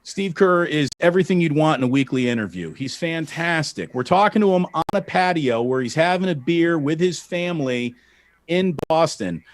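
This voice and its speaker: A man appearing as a guest on a sports talk show, telling stories in an animated way. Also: a little high, moderate pace, dry recording. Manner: animated storyteller, laughs often. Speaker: radio sports host guest.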